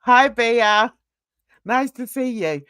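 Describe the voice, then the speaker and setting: Woman hosting a stream, chatty and gossipy, slow with a lot of ups and downs, dry sound. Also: a little high, expressive, fairly bright tone, clean tone, dry recording. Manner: rambling and gossipy, greets chat viewers by name. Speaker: livestream host. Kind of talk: casual livestream chat.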